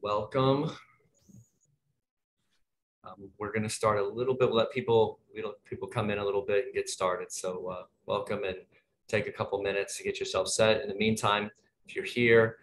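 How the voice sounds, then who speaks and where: A man's voice: fairly low pitch, fairly even intonation, normal speed, a little hiss or hum. A man moderating an online panel, chatty and friendly, rambling with lots of fillers over a video call. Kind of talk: casual webinar hosting.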